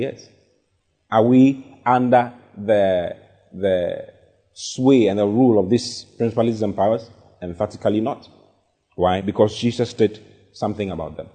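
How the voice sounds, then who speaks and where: Male pastor, sermon delivery, warm and husky, repetitive emphatic build. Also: mid-range voice. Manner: repetitive, rising to emphatic preaching.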